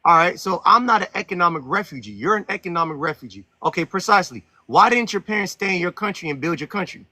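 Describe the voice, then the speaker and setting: A man hosting a heated live-stream debate, talking aggressively, interrupting and ranting loudly. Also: sits high, expressive, fast talker, few pauses, no echo, rough recording. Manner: aggressive, interrupting, loud rants. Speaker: host.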